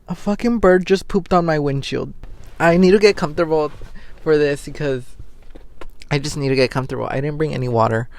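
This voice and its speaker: A man's voice: medium pitch, gravelly, no echo. A young man hosting his own podcast in a casual confessional chat, giggly and embarrassed, rambling with many restarts. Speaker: podcast host.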